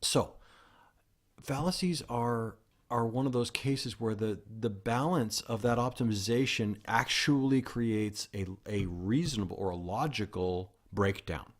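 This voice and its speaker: A man's voice: mid-range voice, unhurried. A man hosting a solo podcast, explaining ideas in a rambling way, often restarting and correcting himself mid-sentence. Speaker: podcast host.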